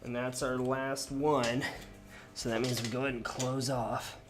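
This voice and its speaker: A man's voice: medium pitch, level tone, measured pace, background noise. A man casually playing a solo tabletop game, reading out cards and reacting aloud to his dice rolls. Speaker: solo game player and host.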